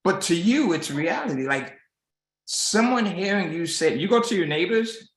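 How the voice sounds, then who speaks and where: A man's voice: high-pitched, lively intonation, normal speed. A man hosting a casual business call, coaching listeners and acting out the people he quotes. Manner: coaching tone, acts out quoted voices, says "right?" often. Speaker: host of a publishing business call. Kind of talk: casual motivational chat. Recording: roomy echo.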